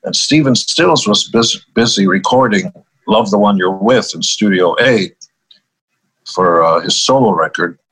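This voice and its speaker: An older man, a musician appearing as an interview guest, tells stories wryly and easily, laughing at his own punchlines. His voice is lowish, expressive, fairly bright and slightly rough, at a measured pace, on a low-quality recording.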